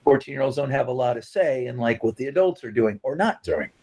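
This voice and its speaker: A man's voice: mid-range voice, fairly quick. Middle-aged american guy, filmmaker, chatty storyteller in an interview, jumps into voices when quoting people. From United States. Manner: animated storyteller who acts out quotes. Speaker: filmmaker guest.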